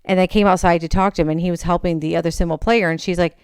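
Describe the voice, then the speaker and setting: A woman's voice: fairly low pitch, fast, smooth, no echo, clean studio sound. A young woman hosting a podcast, telling a personal story and animatedly acting out the voices of the people in it. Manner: animated, acts out quoted voices. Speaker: podcast host. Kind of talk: storytelling monologue.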